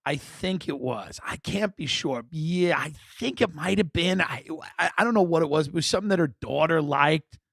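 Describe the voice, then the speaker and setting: A man's voice: fairly high pitch, normal speed, creaky, dry recording. Wry rambling male storyteller, dry sound. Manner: rambling, wry, animated, with restarts and laughs. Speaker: podcast host. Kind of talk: comic storytelling monologue.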